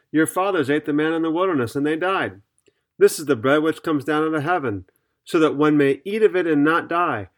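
Earnest and methodical, a man teaches a Bible study on a podcast, reading passages of scripture aloud and then explaining them. His voice is mid-range.

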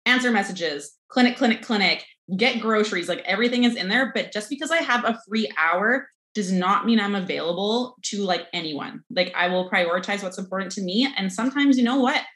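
A woman nutrition coach chatting casually, quick and loose, with lots of "like." Her voice sits at a middling pitch. The room around her echoes noticeably. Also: lively intonation, a bit bright. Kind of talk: casual chat.

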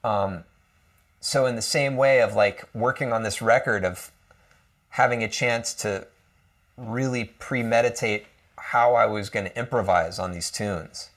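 A man's voice: on the low side, a little slow, a bit bright. A man from the United States, a guest musician, speaking casually and reflectively with lots of hesitations and fillers. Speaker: guest violinist. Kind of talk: casual conversation.

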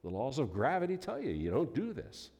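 A male pastor telling a story in a sermon, in a folksy manner that builds to loud, emphatic peaks. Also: mid-range voice, wildly swooping pitch, fairly quick. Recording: long reverb of a large hall.

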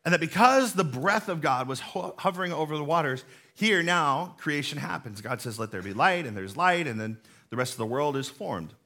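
A middle-aged male pastor delivers a sermon in a bright, slightly high voice. He talks earnestly and conversationally, walking his congregation through each idea. He keeps coming back to the same points to drive them home. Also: lively intonation. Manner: earnest and conversational, explaining slowly with emphatic repetition.

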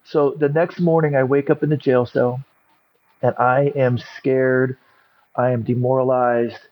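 A man's voice: medium pitch, level tone, measured pace, dull audio. A middle-aged man, a recovery coach, telling his story in an interview and acting out other people's lines. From California. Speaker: podcast guest, recovery coach.

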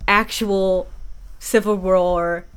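A woman's voice: mid-range voice, fairly even intonation, extremely slow, smooth. A woman co-hosting a ghost-story podcast, casual, laughing and swearing as she tells stories. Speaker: podcast co-host. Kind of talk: casual chat.

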